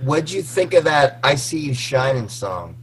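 A man in his forties, slightly tipsy, rambling excitably and swearing through a casual chat. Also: medium pitch, unhurried, slightly rough, low-quality recording. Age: 40s. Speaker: guest on a call.

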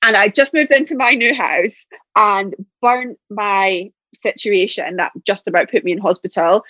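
A woman's voice: medium pitch, normal speed, pushed and bright, dry recording. A woman guest chatting casually on a podcast, self-mocking and talkative. Her voice has a dull, muffled tone and sounds close and dry, with no room around it. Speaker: guest, coach. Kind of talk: casual chat.

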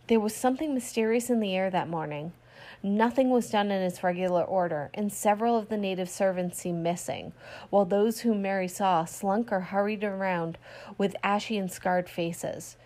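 A woman narrating a classic story aloud in a steady storytelling read, voicing quoted lines lightly. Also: mid-range voice, moderate pace. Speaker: audiobook reader. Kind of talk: scripted narration.

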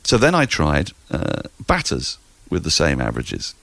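A man talking as a podcast guest in casual chat, animated, playful and a little rambling. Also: rumbling low, normal speed, gravelly, dry recording.

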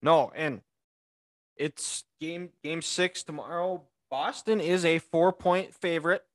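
A man with a Midwestern accent co-hosting a podcast, casually rattling off sports stats with quick restarts. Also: fairly high pitch. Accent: Midwestern American. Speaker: podcast co-host.

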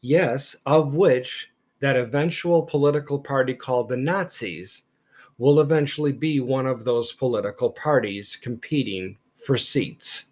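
Male history teacher, deliberate lecture delivery, stresses important words. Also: mid-range voice, a little mellow. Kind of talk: lecture-style podcast.

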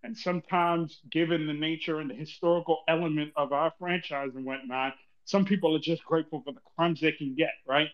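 A man rants on a podcast, his voice high for a man. He swears freely, circles back over the same complaints and sounds exasperated. The audio is dull and lo-fi. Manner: frustrated, profane, rambling. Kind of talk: casual podcast rant.

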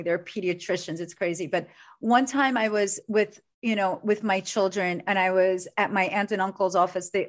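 A middle-aged woman, a coach, talking earnestly and from the heart about her work and family in an interview. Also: medium pitch. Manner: earnest, heartfelt, speaks with conviction. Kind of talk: emotional interview conversation.

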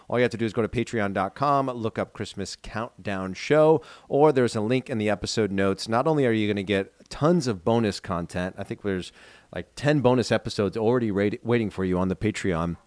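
A man's voice: fairly low pitch, a little fast, no echo. A man co-hosting a podcast in casual chat, upbeat and chatty with lots of fillers. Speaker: podcast co-host.

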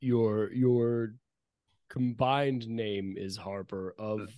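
A man's voice: on the low side, flat delivery, drawn-out words, warm tone, dry recording. Burly growly guard guy, a man doing the voice, polite, stiff, dry close sound. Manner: polite, formal. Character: burly growling male mansion security guard. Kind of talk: tabletop game character voice.

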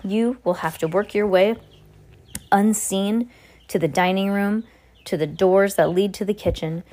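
A brisk, loving old grandmother gives careful instructions in a measured, motherly storybook voice read by a woman in her own tone. Her words come slowly and deliberately. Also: mid-range voice, dark tone, slight background noise, lightly acted.

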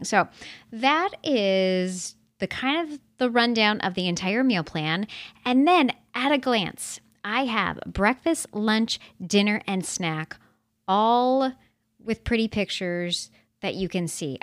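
A woman's voice: mid-range voice, no echo. A woman nutrition coach casually walking through a meal plan, chatty and upbeat, with frequent laughs and fillers.

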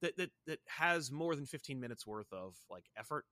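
A man's voice: medium pitch, lively intonation, normal speed, bright, forceful tone, no echo. A man in his thirties, a podcast guest, talking in a casual, rambling way with lots of fillers and restarts. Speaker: podcast guest, comics YouTuber. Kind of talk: casual chat.

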